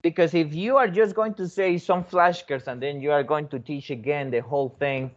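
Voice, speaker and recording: Pitched on the high side, his voice stays fairly even at a moderate pace, and the audio sounds dull. As a foreign teacher training teachers, he delivers a demonstration talk marked by repeated words, many restarts, and frequent rising "okay?" checks.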